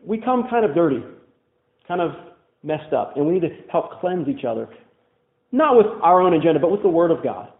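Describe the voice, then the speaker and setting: High-voiced pastor in an echoey, tinny church. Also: male voice, big pitch swings, fairly quick. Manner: candid, conversational storytelling with frequent "like" fillers. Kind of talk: sermon.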